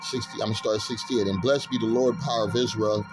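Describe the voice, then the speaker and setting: A man preaching from the Bible, reading verses aloud and breaking into loud, fervent, laughing commentary in casual slang. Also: fairly low pitch, steady tone. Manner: casual slangy talk, unhurried while looking up verses. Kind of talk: street sermon reading scripture. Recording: music playing under the voice. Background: music bed.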